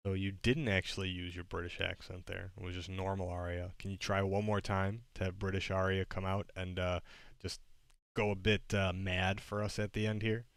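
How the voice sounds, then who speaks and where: A man's voice: low voice, flat delivery, normal speed, gravelly, smooth, dry recording. A man hosting a livestream in casual chat, talking hesitantly with many fillers and restarts. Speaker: streamer host.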